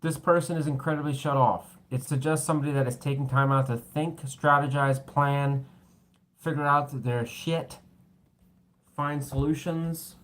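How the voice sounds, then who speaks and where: A man's voice: on the high side, fairly even intonation, moderate pace, a bit bright. Tired, foul-mouthed man reading tarot. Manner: blunt, swears freely. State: tired, voice cracking. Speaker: tarot reader.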